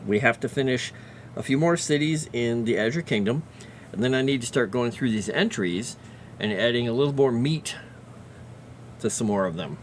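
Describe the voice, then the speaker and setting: This streamer and fantasy lore writer has a medium-pitched voice and speaks at an ordinary pace while chatting warmly with his pet and audience. A faint hiss or hum sits under the recording.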